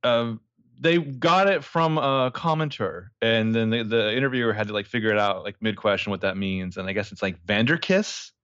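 A joking man co-hosts a podcast in a loose, animated chat. His voice sits a little low and sounds dry, with a dull, slightly lo-fi tone. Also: moderate pace, clear, resonant tone, no room sound. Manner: animated, joking, with swearing and laughs. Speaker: podcast co-host. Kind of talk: casual chat.

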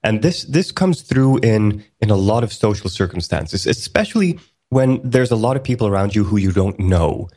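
Podcast co-host, man from Sweden, low voice, halting um-filled chat. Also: animated, mellow. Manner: hesitant, many fillers and restarts.

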